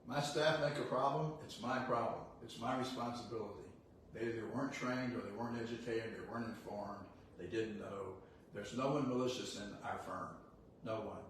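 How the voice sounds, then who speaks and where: A man's voice: fairly low pitch, normal speed. An older man giving a blunt, folksy motivational talk, laughing often as he tells stories. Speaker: real estate CEO giving a talk. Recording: echoey room, distant mic, faint noise.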